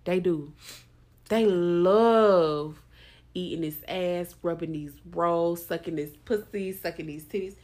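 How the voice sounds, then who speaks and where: A woman hosting a podcast, talking in a blunt, profane and animated way. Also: lowish voice, takes it slowly. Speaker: podcast host. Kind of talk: candid casual chat.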